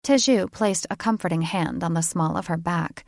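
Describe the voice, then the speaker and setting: A woman narrating a fantasy romance audiobook in a measured, steady way. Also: on the low side, vocal fry, dry recording, studio quality. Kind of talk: scripted narration.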